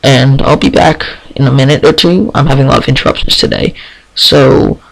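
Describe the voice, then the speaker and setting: A man's voice: medium pitch, a little fast, vocal fry, poor audio. A man reading fan fiction aloud, stumbling and restarting over words. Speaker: story reader.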